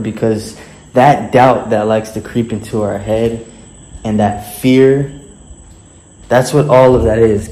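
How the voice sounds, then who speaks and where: A man's voice: on the low side, a little mellow. A man delivering a motivational vlog monologue as a fitness and mindset coach, boastful and heavily profane, full of swaggering street slang.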